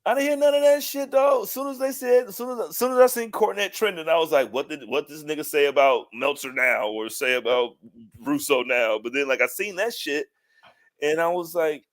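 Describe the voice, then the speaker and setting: A man's voice: fairly high pitch, fairly quick, fairly bright tone. A man co-hosting a podcast, ranting heatedly and profanely with lots of restarts. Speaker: podcast co-host. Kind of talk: casual podcast chat.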